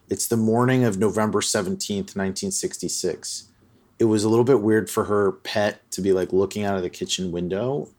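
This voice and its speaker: A man hosting a podcast who retells a story in a loose, chatty way, full of "like" and other fillers. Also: lowish voice. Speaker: podcast host. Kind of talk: casual storytelling chat.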